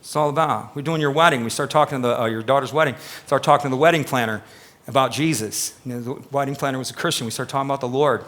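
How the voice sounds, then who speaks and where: A man's voice: medium pitch, fast, fairly bright tone. A man preaching a live sermon in a church, talking emphatically and questioning the congregation directly. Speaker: pastor.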